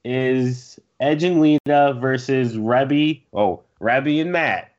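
A man hosting a casual podcast segment in a relaxed, easygoing way. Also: mid-range voice, slow, muffled recording. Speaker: podcast host running the segment. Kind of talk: casual chat.

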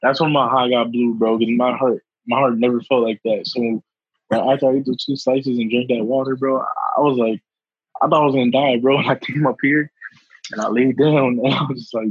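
A young man telling a casual, slangy story, animated and laughing often. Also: mid-range voice, fast, husky, no room sound, phone-quality sound.

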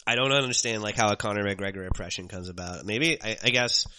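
Laid-back low-voiced man, bright tone. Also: quick pace. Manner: loose, swears freely, laughs often. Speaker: podcast guest, singer. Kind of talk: casual chat.

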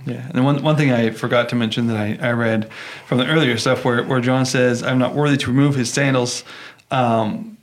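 A man co-hosting a casual Bible discussion podcast, talking in an easygoing, halting way with many "likes" and restarts. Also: mid-range voice, fairly even intonation. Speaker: podcast co-host.

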